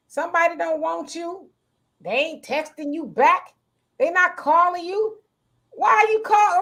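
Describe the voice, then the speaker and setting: A woman hosting a casual talk show, animated and chatty, who laughs often and acts out the voices she quotes. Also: extremely high pitch. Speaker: show host. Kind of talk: casual commentary.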